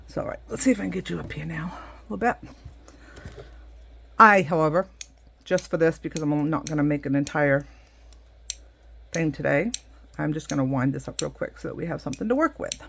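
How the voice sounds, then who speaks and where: Middle-aged woman, how-to teacher, chatty and loose, gravelly low voice. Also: fairly quick, pauses often, a bit bright, slight background noise. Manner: chatty, explains hands-on with many asides. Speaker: craft teacher. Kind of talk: casual how-to demonstration.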